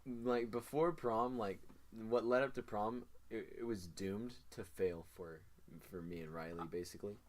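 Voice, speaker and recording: A man's voice: on the low side, normal speed. A teenage boy hosting a podcast, telling a long story with lots of fillers and restarts. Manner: rambling storyteller with many fillers. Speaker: podcast co-host. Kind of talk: casual chat.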